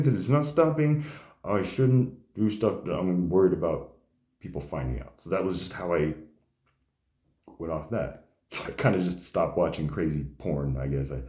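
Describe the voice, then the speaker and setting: A man with a low, dark voice tells personal stories in casual conversation, rambling with lots of fillers. He acts out quoted dialogue, and the room he's in sounds echoey.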